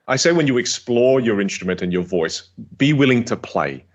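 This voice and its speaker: A man's voice: mid-range voice, moderate pace, lo-fi sound. Emphatic male communication coach. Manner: energetic, emphatic, repeats words for stress. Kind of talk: podcast interview answers.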